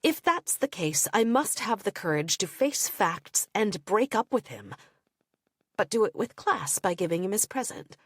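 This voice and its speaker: A woman narrating an audiobook of first-person diary entries in an intimate, measured way. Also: mid-range voice, very animated, husky, no echo, studio quality.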